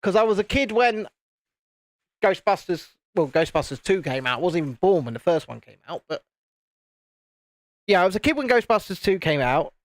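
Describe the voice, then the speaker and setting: A man's voice: high-pitched, very animated, moderate pace, long pauses, no room sound, studio quality. A man chatting casually and rambling on a live stream while building Lego. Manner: chatty, rambling, self-interrupting.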